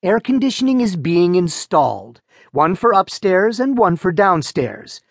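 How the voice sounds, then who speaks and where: A man voicing a calm, practical mother who speaks patiently and soothingly. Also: lowish voice, unhurried, gravelly, slightly rough, no echo, studio quality, pitched above the performer's own voice, heavily acted. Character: calm practical mother, a vet, middle-aged.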